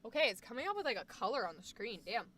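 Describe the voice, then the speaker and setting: A woman streamer in casual chat, animated and profane, swinging between loud and soft. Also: fairly high pitch, fast, slight background noise. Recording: dry sound, voice a bit far from the mic.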